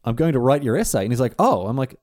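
A man co-hosting a podcast, chatting casually and telling an animated anecdote. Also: medium pitch, fast. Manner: animated anecdote-telling, quotes friends in exaggerated voices. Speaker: podcast co-host. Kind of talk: casual chat, storytelling.

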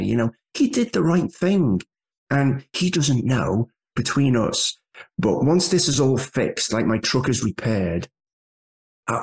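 A middle-aged man from England, a podcast guest telling a story in a rambling, casual way with frequent asides. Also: medium pitch. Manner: rambling, with many "anyway" asides and restarts.

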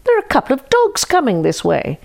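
A woman voicing a wise, cunning old male chicken in a storybook tale, with a high, fluttery voice and feigned delight. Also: huge pitch swings, brisk, vocal fry, exaggerated voice. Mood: sly.

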